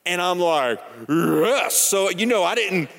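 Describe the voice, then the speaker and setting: A man's voice: sits high, expressive, normal speed, fairly bright tone. A man in his thirties preaching a sermon in a church, telling a personal story in a conversational, joking way. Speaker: pastor. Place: church sanctuary. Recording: long hall reverb.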